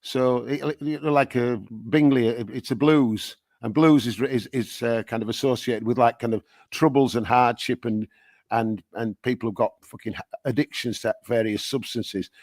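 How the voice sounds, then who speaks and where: A male songwriter answers interview questions in a loose, playful ramble that is full of repeated words. His voice is medium-pitched and sits close and dry on the mic. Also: fairly even intonation, normal speed, a little mellow, no echo. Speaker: guest songwriter.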